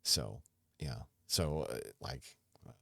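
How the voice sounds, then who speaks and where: Forties guy, super deep gravelly voice, rambling solo podcast chat, keeps restarting. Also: a bit bright, dry recording. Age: 40s. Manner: rambling, halting, with many restarts. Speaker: podcast host.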